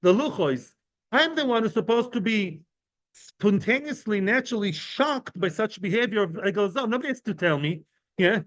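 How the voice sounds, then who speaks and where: This man leads an informal Talmud lesson for a class of men, using everyday examples to explain each term. Conversational throughout, he often asks "right?" and "yeah?". His high voice has lively intonation, a moderate pace and a fairly bright tone, on a dry recording with the highs cut off.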